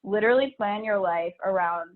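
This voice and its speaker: A woman chats candidly as a podcast guest, swearing casually and laughing often. Her voice sits in a middle pitch. It comes through a thin, phone-like line. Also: moderate pace.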